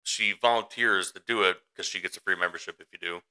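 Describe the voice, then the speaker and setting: Here the same sort of casual-chat co-host sounds low-pitched, bright, forceful and resonant, talking fast and clearly with fairly even intonation. The recording is rough as he rambles through his worried-father story, restarting and acting out quotes.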